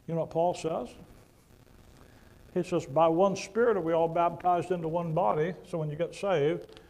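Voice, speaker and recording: Gravelly-voiced man preaching emphatically. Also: a little high, fairly even intonation, moderate pace, rough recording. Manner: emphatic, conversational preaching with sudden loud punches. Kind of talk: sermon. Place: church before a congregation.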